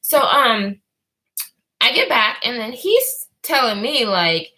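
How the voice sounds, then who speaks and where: A woman's voice: on the high side, big pitch swings, slow pace, bright, forceful tone, poor audio. A woman vlogger telling a rambling story in casual talk, full of fillers and swearing.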